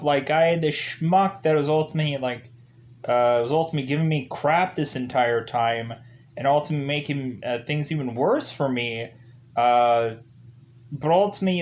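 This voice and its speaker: A man talks through a film review in a loose, casual way. His voice sits at an average pitch, and he keeps circling back with fillers as he recounts the story. He now and then slips into rough, half-acted versions of the characters' lines. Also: moderate pace, muffled recording. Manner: rambling, leans heavily on "ultimately" and "like" as fillers.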